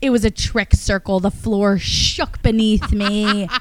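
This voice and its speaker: A woman's voice: medium pitch, steady tone, slow, a little hiss or hum. A young woman co-hosting a podcast in a casual chat, teasing and sarcastic, with frequent swearing. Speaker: podcast co-host.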